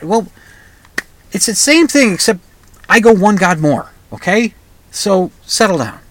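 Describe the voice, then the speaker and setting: A middle-aged man from the upper Midwest, hosting his own show in a rambling, halting monologue full of restarts. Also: high voice, sing-song, a bit bright. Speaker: podcast host. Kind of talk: casual monologue.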